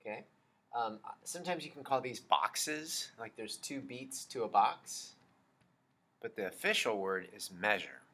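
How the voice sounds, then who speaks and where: A man teaching a children's music lesson, explaining slowly and patiently and chanting rhythm syllables. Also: lowish voice, expressive, pushed and bright.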